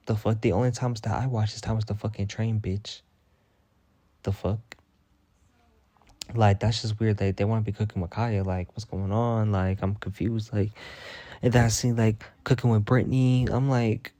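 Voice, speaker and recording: A man's voice: on the low side, steady tone, normal speed, darkish tone, dry recording. A young man hosting a casual solo gossip podcast, rambling, sassy and full of swearing. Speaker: podcast host.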